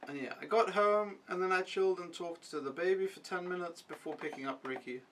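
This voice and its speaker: Young man, casual vlog, rambling and blunt, bright tone, a bit off-mic. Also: high voice, a little fast, far from the mic, a little hiss or hum, rough recording. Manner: frank, rambling, swears freely. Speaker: au pair vlogger.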